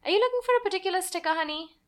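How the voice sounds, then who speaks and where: A woman voicing a kind adult nurse who speaks gently and sweetly to a child. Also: extremely high pitch, lively intonation, racing, voice pushed up. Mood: soothing.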